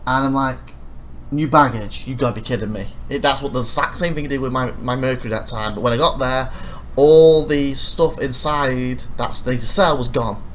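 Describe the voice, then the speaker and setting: A man casually commenting over his own gameplay footage as a let's play host, rambling and correcting himself, getting animated when he retells his frustrations. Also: mid-range voice, normal speed, a little hiss or hum.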